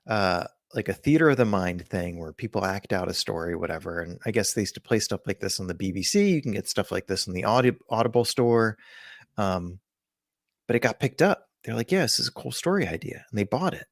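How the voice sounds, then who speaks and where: Lively rambling male podcast host. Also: on the low side, a little fast, no echo, clean studio sound. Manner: rambling, jokey storyteller. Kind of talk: casual chat.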